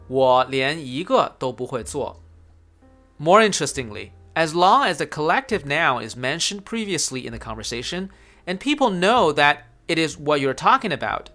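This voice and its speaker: A tutor whose first language is Chinese, explaining grammar in a clear, scripted lesson narration. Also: medium pitch, bright, forceful tone. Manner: clear, explanatory teaching delivery.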